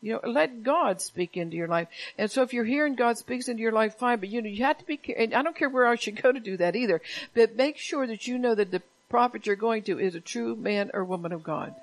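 A woman's voice: on the high side, a little fast, rough recording. A woman pastor preaching a sermon in church, talking plainly and conversationally and often repeating her words.

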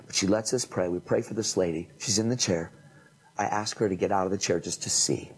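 A man preaching, telling an animated testimony story and acting out the people in it. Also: deep voice, a little fast, slightly rough, rough recording. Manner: animated storytelling, acts out quoted voices. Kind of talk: emotional testimony.

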